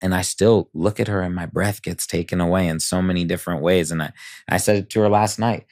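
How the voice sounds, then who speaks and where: A man in his thirties, a podcast guest, telling a rambling story and acting out quotes in a high voice. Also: fairly even intonation, brisk, a little mellow, no room sound, studio quality. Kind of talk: casual podcast conversation.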